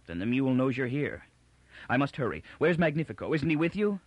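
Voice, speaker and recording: A man's voice: mid-range voice, sing-song, brisk, dry recording. A man voicing a frail, aging male psychologist who talks in a peevish, insistent way. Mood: confused.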